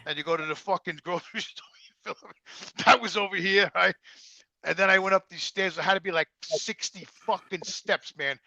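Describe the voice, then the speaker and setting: A middle-aged man with a thick New York accent spins profane, animated stories. His voice is high and gravelly, and it is recorded close and dry. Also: moderate pace, dry recording, lo-fi sound. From Brooklyn, New York. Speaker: guest. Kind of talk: casual storytelling.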